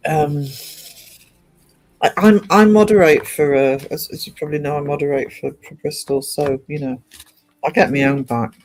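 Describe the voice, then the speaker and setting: A woman's voice: sits low, steady tone, moderate pace, darkish tone. A woman from northeast England chatting on a casual livestream, reading out viewer comments and rambling with lots of ums and restarts. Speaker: live streamer.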